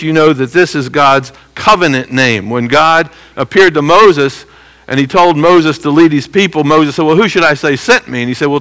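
A man leads a verse-by-verse Bible lesson in a bright, fairly high voice. He talks conversationally, often checking in with his listeners, and slows down to repeat key phrases for emphasis. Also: poor audio. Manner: conversational teaching with frequent "okay?" check-ins. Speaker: Bible teacher. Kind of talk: expository Bible teaching.

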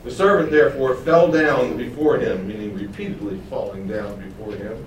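A man preaching a sermon. He reads verses, explains them, and acts out the speakers in a higher voice. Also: steady tone, normal speed, hardly any pauses. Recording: roomy echo, voice from a distance, faint background noise.

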